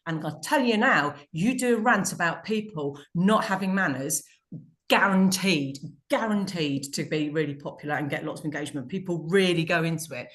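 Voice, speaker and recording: A woman's voice: fairly low pitch, animated, normal speed. A British woman co-hosting a casual video call, rambling and laughing at herself as she tells stories. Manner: rambling, self-mocking, laughs often. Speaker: co-host. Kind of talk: casual chat.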